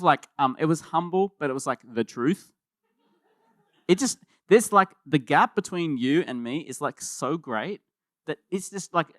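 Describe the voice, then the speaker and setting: A man preaching a sermon as pastor, in a conversational and animated way, often repeating words as he starts a thought. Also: on the high side, no room sound, clean studio sound.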